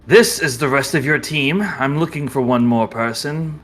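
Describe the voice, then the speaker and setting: A man's voice: medium pitch, normal speed, a bit bright, soft background music, lightly acted. A game master voicing a matter-of-fact male dragonborn guide who introduces a team. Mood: brisk.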